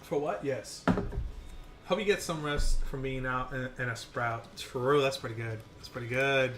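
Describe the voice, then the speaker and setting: A tired young man streaming a game, chatting with viewers in an excitable, rambling way and swearing now and then. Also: mid-range voice, moderate pace, loud music behind the voice. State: tired, short on sleep. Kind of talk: casual live-stream chat while gaming.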